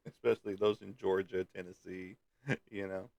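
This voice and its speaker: A man's voice: low voice, steady tone, measured pace, creaky, a little mellow, no room sound, highs cut off. A man hosting a casual livestream, rambling in a folksy way and chuckling as he answers viewer comments. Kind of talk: casual chat.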